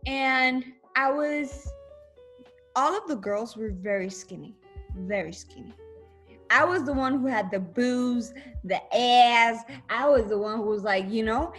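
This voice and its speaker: A young woman guest on a casual podcast chat, telling stories animatedly with quick restarts and acted-out quotes. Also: on the high side, fairly bright tone, soft background music.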